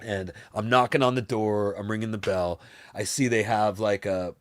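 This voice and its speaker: A man hosting a live stream, telling a long story to his chat in a rambling, animated way, swearing freely and acting out other people's voices. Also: lowish voice, normal speed, no echo, studio quality. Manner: rambling, animated, swears a lot, often says "you know what I mean".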